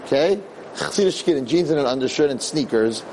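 A man giving a Torah lecture as a lively, conversational story, acting out the quotes as he goes. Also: medium pitch, fairly quick, a little hiss or hum, low-quality recording. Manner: animated, conversational, acts out quotes.

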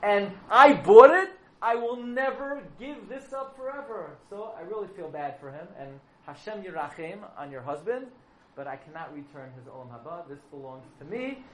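A man's voice: high voice, expressive, normal speed. Blunt, unyielding butcher, voiced by a male storyteller, roomy sound. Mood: stubborn. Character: stubborn small-town butcher, blunt and unyielding.

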